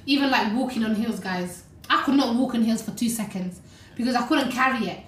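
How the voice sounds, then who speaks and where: A woman's voice: fairly high pitch, a little fast. A young woman chats on a podcast, her voice rising and falling as she tells stories, peppered with "like" and "you know". The sound is roomy and echoey, with a faint hum of ambience behind her. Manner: animated storytelling with many "like"s and "you know"s. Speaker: podcast co-host. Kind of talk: casual podcast chat.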